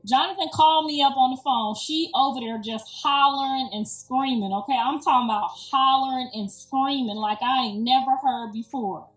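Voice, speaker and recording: Animated high-voiced woman storyteller, echoey room. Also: moderate pace, few pauses. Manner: animated, emphatic, profane, slangy. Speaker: grandmother telling a birth story. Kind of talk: casual storytelling. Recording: echoey room, distant mic, faint music.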